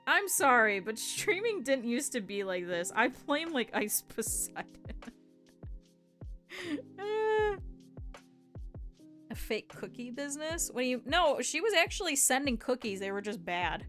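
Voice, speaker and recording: Woman, livestream chat, sewing, laughing asides, fairly high voice, faint background music. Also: big pitch swings, a little slow, a bit bright. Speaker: streamer.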